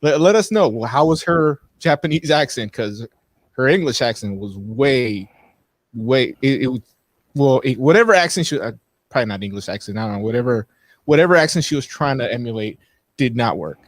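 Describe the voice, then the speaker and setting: A man's voice: mid-range voice, lively intonation, a little fast, no room sound. A man co-hosting a live talk show, rambling casually through frank movie opinions with many restarts. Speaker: podcast co-host.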